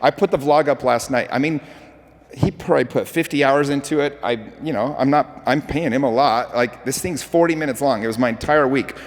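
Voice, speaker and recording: A man giving a motivational talk to an audience, telling animated stories with acted-out quotes. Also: medium pitch, fairly quick. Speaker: speaker. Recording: hall with reverb.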